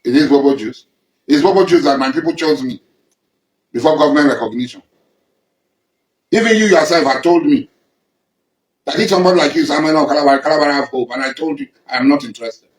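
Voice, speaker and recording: Nigerian man, higher voice, confrontational statement, echoey room. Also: a little fast, long pauses. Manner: accusing, confrontational, repetitive. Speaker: militant leader addressing rivals. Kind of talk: angry public statement.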